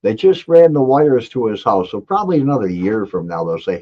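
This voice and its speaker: An older man hosting a casual livestream, teasing and reading out viewer comments with lively energy. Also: medium pitch, a little fast. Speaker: livestream host. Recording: dull lo-fi audio.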